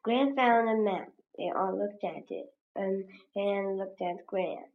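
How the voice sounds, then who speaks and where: A woman slowly reading a children's book aloud as a lesson, with pauses and small hums. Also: medium pitch, narrow, tinny audio. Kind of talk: slow read-aloud lesson.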